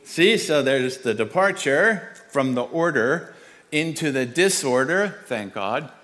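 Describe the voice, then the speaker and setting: A man giving a conversational, storytelling sermon with an animated delivery and self-deprecating chuckles. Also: fairly high pitch, slow pace, in a large hall.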